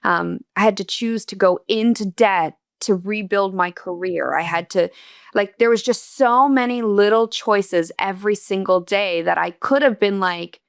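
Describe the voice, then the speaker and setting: A woman's voice: mid-range voice, measured pace, creaky, no echo, clean studio sound. A woman guest on an interview podcast, earnestly and candidly telling a personal story in a reflective, emotional way.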